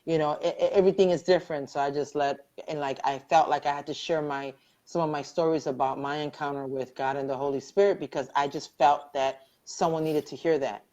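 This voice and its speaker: A woman with a low voice hosts a live online chat, earnest and devout, repeating herself and starting over as she speaks from the heart. She sounds close to tears. The audio is dull and lo-fi, like a video call. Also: fairly even intonation, a little fast, a little mellow. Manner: heartfelt, religious, rambling with many restarts. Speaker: host.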